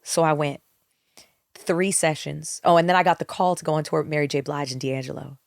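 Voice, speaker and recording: A woman's voice: sits low, steady tone, a little fast, vocal fry, no room sound, clean studio sound. A middle-aged woman, a singer, candidly telling her story in a podcast interview, reflective and full of restarts. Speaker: guest singer.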